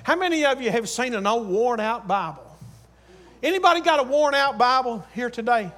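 A man's voice: very high voice, animated, normal speed. A man preaching a sermon, urging his congregation with repeated phrases and calling out to them. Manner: swings from loud urging to quiet storytelling.

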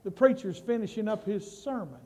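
A man preaching a sermon, slow and emphatic, building up to shouts. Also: sits high, lively intonation. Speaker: pastor.

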